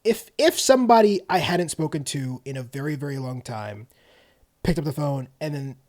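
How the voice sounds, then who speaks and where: Animated man co-hosting a podcast. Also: on the high side, normal speed. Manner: animated, laughs often, lots of restarts. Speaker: podcast co-host. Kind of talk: casual chat.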